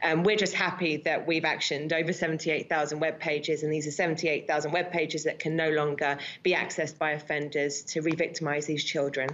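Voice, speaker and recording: A woman's voice: low voice, level tone, fairly quick, hardly any pauses, fairly bright tone, muffled recording, a little hiss or hum. A woman, a charity's projects officer, answering a news interview in an earnest, factual way over a remote link.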